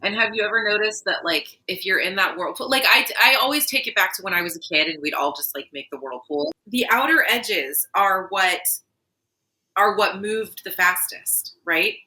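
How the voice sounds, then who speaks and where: Bright-voiced woman, earnest spiritual talk. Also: mid-range voice, expressive, moderate pace, poor audio. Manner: earnest, storytelling with vivid imagery. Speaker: podcast co-host. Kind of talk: casual spiritual chat.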